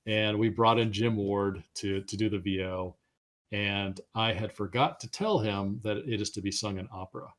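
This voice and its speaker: Middle-aged male interview guest, lowish voice, loose and rambling anecdotes, self-deprecating, stumbles on words now and then. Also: normal speed, fairly bright tone. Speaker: game designer guest. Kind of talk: casual interview chat.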